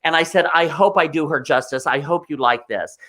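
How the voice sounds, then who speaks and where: A man as a guest on a talk show, telling stories in an animated, emotional way and acting out the voices of the people in them. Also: a little high, fairly quick. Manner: excitable, emotional, acts out voices in anecdotes. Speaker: guest performer. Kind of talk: animated interview storytelling.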